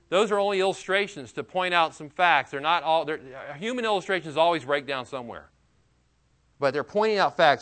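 A man's voice: on the high side, a bit bright. A man preaching a sermon as a pastor, earnest and emphatic, with casual asides and rhetorical questions.

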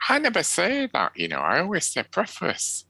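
A man's voice: high voice, wildly swooping pitch, normal speed, vocal fry, bright, forceful tone, slightly rough, no room sound. A British man co-hosting a casual chat, giggly and self-mocking. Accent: British English. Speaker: podcast co-host.

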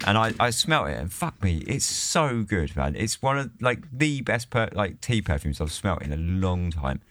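A man's voice: on the low side, very animated, normal speed, a bit bright, dry recording, clean studio sound. A man co-hosting a casual podcast, rambling, swearing and laughing a lot. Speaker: podcast co-host. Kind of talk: casual chat.

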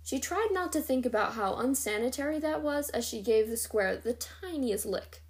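A woman reading a novel chapter aloud in a steady, even narration. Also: a little high, normal speed. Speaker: reader.

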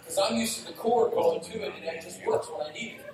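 Middle-aged pastor guy preaching, bit high voice, tells funny stories on himself, big echoey church far off the mic. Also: fast talker, very noisy. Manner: lively storytelling, self-mocking humor. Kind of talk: sermon. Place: church sanctuary. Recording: very echoey hall, heard from afar.

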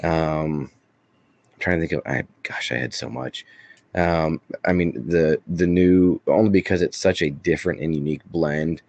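Very deep-voiced man, hesitant chat. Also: normal speed, creaky, a little mellow, highs cut off. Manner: hesitant, full of fillers and restarts. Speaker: guest. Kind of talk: casual chat.

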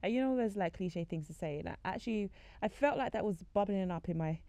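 A young woman hosting a faith podcast talks fairly quickly in a warm, fairly low voice, recorded dry. Her casual, chatty style is full of "like," and she acts out the conversations she retells.

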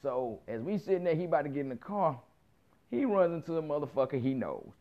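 On a muffled, lo-fi recording, a man in his 30s rants through a story, profane and animated, leaning on slang and lots of acted-out quotes. His voice is fairly high-pitched and fast.

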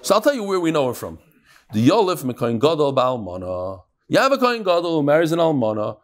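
A man teaching a Talmud class, animated, firing rhetorical questions at his students and often restarting his sentences. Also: on the high side, quick pace.

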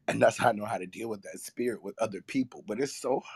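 A man's voice: fairly low pitch, quick pace, vocal fry, hardly any pauses, breathy edge. A man hosting a faith talk show, speaking with emotion and a preacher's repetition. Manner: emotional, preacherly, repeats phrases for emphasis. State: tearful at times. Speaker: podcast host.

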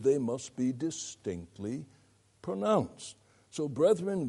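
Older male lecturer, slow measured delivery, animated pitch, reads quotes and spells out words. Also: slightly rough. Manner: reads quotations aloud, spells words out, shifts volume for emphasis. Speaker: preaching lecturer. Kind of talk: classroom lecture on preaching.

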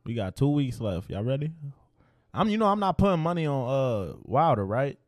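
A man's voice: mid-range voice, sing-song, moderate pace, dry recording, clean studio sound. A man in casual chat with friends, laid-back and slangy, talking sports. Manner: laid-back, slangy, mimics others in quotes.

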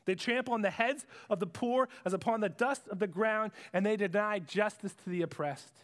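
A man voicing a grim male prophet who pronounces judgment slowly and solemnly, dropping low and near a whisper. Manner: slow, low and solemn, sinking to a hush.

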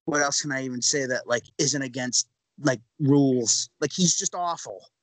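A young man co-hosting a sports podcast, ranting loudly with sudden jumps in pitch. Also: normal speed, dry recording, low-quality recording. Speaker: podcast co-host.

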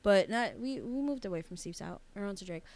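A woman's voice: medium pitch, animated, brisk, darkish tone. A woman co-hosting a podcast, chatting candidly and swearing freely. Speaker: podcast co-host. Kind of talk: casual chat.

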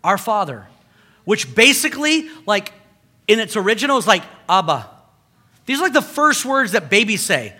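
A male pastor preaches with a notably high, bright voice. He talks to the congregation conversationally, yet stresses his points by repeating them. The delivery is emphatic and direct. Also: very animated, moderate pace. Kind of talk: sermon.

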